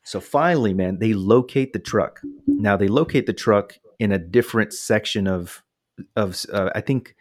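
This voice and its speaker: Low-voiced American man telling a story. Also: dry recording, clean studio sound. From United States. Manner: animated anecdote with voiced quotes. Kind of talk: casual storytelling.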